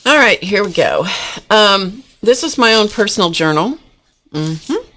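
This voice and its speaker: A woman's voice: medium pitch, animated, measured pace, a bit bright. A woman hosting a casual live-stream art class from a home desk, chatting folksily with viewers as she demonstrates. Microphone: camera mic at a desk.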